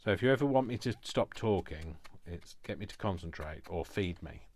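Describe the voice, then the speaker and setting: Chatty low-voiced man crafting. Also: expressive, moderate pace, noisy background. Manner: chatty, rambling, self-mocking asides. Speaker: craft vlogger. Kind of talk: casual crafting chat.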